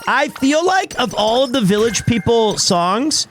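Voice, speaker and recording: A man with an extremely high-pitched, very animated voice chats casually on a gaming live stream, telling rambling anecdotes full of restarts. He speaks at a measured pace with a fairly bright tone, and faint music plays behind him.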